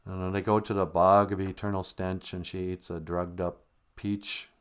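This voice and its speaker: A podcast host with a lowish male voice, recapping a movie in a loose, comic ramble. He wanders off on tangents and corrects himself as he goes. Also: flat delivery, normal speed, clear, resonant tone. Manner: rambling, digressive, self-interrupting.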